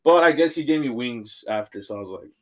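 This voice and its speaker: A young man co-hosting a podcast, telling a story in animated casual chat and swearing freely. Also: medium pitch, fairly quick. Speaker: podcast co-host.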